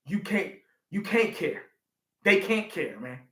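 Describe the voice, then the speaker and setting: A sports-fan vlogger in his forties rants through a live reaction, swearing freely and repeating himself for emphasis. His high-pitched voice is very animated yet slow, a bit bright, and reverberant.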